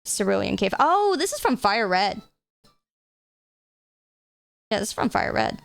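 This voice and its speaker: A young woman chats casually on a live stream, cursing freely and bursting into excitement. Her voice is slightly high and crisp, recorded dry and close. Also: fairly quick, no room sound. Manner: chatty, swears freely, excitable.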